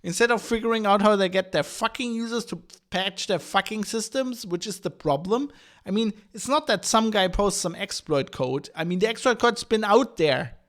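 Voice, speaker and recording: A man's voice: high voice, moderate pace, fairly bright tone. A man hosting a podcast, ranting casually and sarcastically about tech security, often slipping into mocking voices. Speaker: podcast host.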